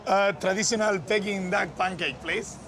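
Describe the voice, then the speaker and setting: A man presenting a lifestyle TV cooking segment, playful, chatty and excitable as he talks through the food. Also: high-pitched, normal speed. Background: background music.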